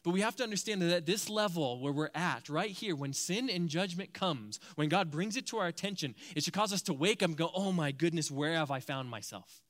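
A man preaching a sermon, animated, acting out quoted voices as he explains a passage. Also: sits high, fairly quick, few pauses. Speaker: pastor.

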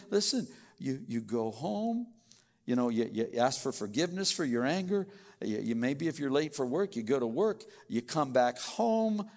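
A male pastor preaches in a loose, conversational way, stumbling through restarts and slipping into little acted-out quotes. His voice sits at an ordinary middle pitch. A long reverb from a big hall trails behind every phrase. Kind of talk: sermon.

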